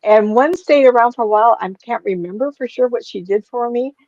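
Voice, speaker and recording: A woman's voice: on the high side, a little fast, a little mellow, highs cut off. A woman in her seventies, a psychic medium, chatting casually over a video call in a rambling, chuckling way. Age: 70s. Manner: rambling storyteller, chuckles often. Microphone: webcam on a video call.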